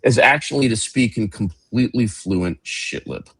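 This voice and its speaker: A man's voice: on the low side, lively intonation, normal speed, husky. A man talking in a casual political conversation, rambling and sardonic with many fillers.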